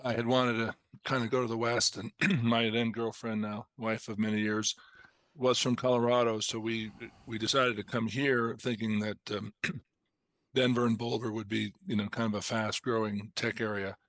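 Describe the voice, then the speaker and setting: A middle-aged man, a company founder as a podcast guest, explaining in a measured way and clearing his throat now and then. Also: fairly low pitch, level tone, a bit bright, no room sound. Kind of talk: casual podcast interview.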